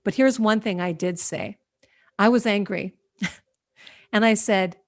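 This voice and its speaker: A woman host telling a personal story to an online group in an animated, expressive way over a video call. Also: medium pitch, unhurried, long pauses. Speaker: host and company founder.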